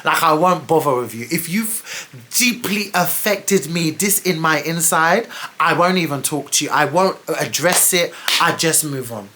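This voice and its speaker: A young woman with a low voice and a bright, sharp edge tells a personal story straight to camera. She is blunt and candid, swears without hesitation, and drops exasperated asides. Faint background noise sits under her voice. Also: measured pace. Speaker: storytime vlogger. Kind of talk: casual storytelling.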